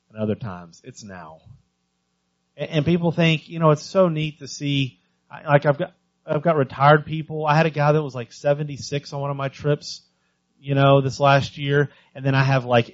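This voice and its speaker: A man giving a missions talk to a church congregation, telling stories with lively energy and often stumbling over repeated words. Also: medium pitch, normal speed, lo-fi sound. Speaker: visiting missions speaker.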